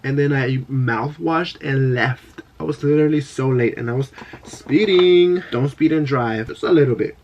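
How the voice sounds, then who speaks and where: A man's voice: fairly high pitch, slight background noise. Bubbly young man chatting to camera. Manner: chatty, bubbly, jumps between tangents. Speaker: beauty vlogger. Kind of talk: casual vlog chat.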